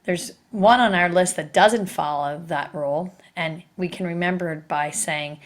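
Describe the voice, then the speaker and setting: Woman teacher recording a spelling lesson; patient, asks questions, slightly low-pitched. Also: moderate pace, hardly any pauses. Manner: patient, explains step by step with questions.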